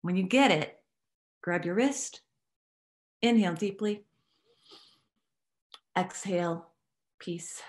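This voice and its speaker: A woman leading a guided tapping exercise, giving calm step-by-step instructions and affirmations to repeat. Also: on the low side, takes it slowly, pauses often. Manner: calm instructive guiding, repeat-after-me phrasing; affirming, uplifting delivery. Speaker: recovery workshop facilitator.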